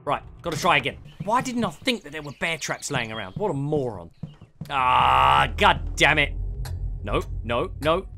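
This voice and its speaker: A young man giving excitable let's play commentary, muttering one moment and shouting or laughing the next. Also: a little high, moderate pace, vocal fry. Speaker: gaming YouTuber.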